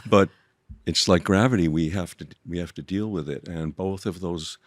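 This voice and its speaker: An older man as a podcast guest, speaking in a gentle, thoughtful way and often stopping to restart a sentence. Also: low-pitched, moderate pace, no room sound, clean studio sound. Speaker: guest author. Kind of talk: reflective storytelling conversation.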